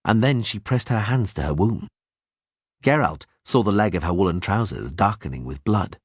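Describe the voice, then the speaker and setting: A man narrating an audiobook in a lively, dramatic reading style. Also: on the low side, normal speed, breathy edge, no room sound, clean studio sound. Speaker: audiobook reader.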